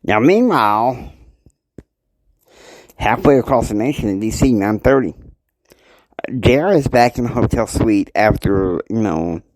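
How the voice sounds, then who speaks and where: A man telling a long improvised story in a loose, halting way, full of "you know" fillers. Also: lowish voice, expressive, darkish tone.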